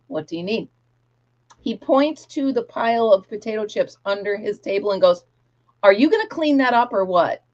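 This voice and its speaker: Chatty woman telling stories on a lo-fi stream. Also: mid-range voice. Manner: rambling, animated storyteller. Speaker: host. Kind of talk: casual chat, storytelling to viewers.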